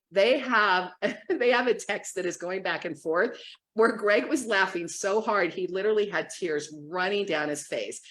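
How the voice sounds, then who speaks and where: A woman in her fifties from the United States, a coach telling a funny story on a livestream with giggles, a lot of "like" and "right?". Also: mid-range voice. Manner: giggly and animated, lots of "like" and "right?".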